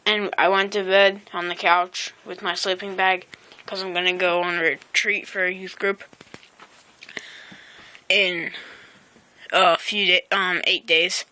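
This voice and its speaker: A teenage girl records a rambling, casual vlog on her phone outdoors beside a house. Her fairly low voice barely moves in pitch and has a sharp edge, and she stumbles along with lots of ums and self-corrections.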